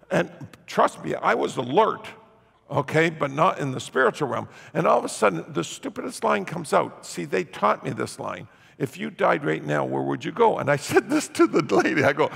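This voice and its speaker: A man preaching as a pastor, telling a lively personal story in a sermon and acting out the people in it. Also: on the high side, moderate pace, gravelly. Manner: animated storyteller acting out quoted voices. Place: church sanctuary. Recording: church hall reverb.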